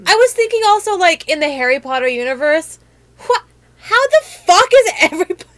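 A woman co-hosting a podcast in excitable, crude, giggly casual chat. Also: very high-pitched, brisk, dry recording. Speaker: podcast co-host.

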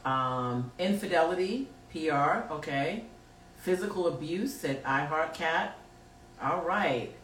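A woman's voice: low-pitched, lively intonation, slow pace, fairly bright tone. A woman hosting a podcast and reading out live chat comments, laughing and teasing in loose slang. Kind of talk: casual chat. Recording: roomy echo, distant mic, faint noise.

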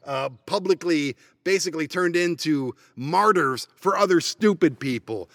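A man's voice: sits high, lively intonation, moderate pace, few pauses, dry recording. Ranting man with a dry close sound. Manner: blunt, profane, sarcastic ranting. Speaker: podcast host. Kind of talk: ranting solo podcast. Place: parked van.

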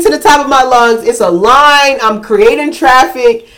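A middle-aged woman telling a story in casual chat, animated, acting out voices and laughing in bursts. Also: high voice, a little slow, few pauses, heavy background noise. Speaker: podcast co-host.

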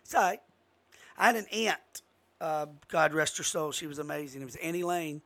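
Host, male, high bright voice, fired-up political rant with loud jumps. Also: moderate pace. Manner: emphatic, rising to sudden loud outbursts. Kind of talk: impassioned political monologue.

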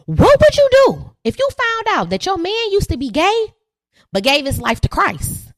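A woman hosting a live podcast, giving profane, preachy, animated commentary. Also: very high-pitched, normal speed, no room sound, clean studio sound. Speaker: podcast host.

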